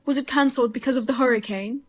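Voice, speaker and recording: A woman's voice: high-pitched, steady tone, quick pace. A woman voicing a blunt, outraged mother-in-law who jokes darkly and talks sharply. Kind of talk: dramatized story voice-over.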